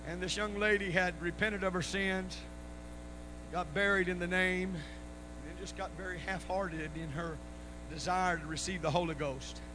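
A man preaching at a revival, telling stories and rising into shouted praise. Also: high-pitched, steady tone, moderate pace. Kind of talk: sermon with stories. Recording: live church recording with noise and hum.

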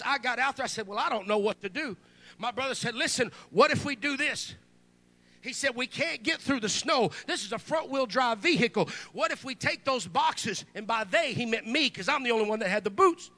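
High-voiced preacher man, twang. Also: lively intonation, fairly quick. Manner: swings from hushed confiding to shouted high-energy praise. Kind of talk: sermon storytelling.

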